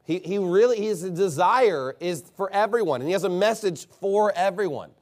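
A man's voice: sits high, animated, normal speed. A man preaching a sermon in a casual, conversational way, asking lots of rhetorical questions. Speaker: pastor.

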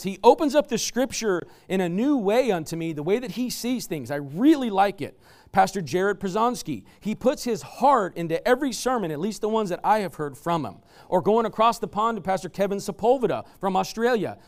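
Male preacher, high and animated delivery, emphatic sermon with slow scripture readings. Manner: emphatic, reads scripture slowly and deliberately; lists examples in rising, enthusiastic bursts.

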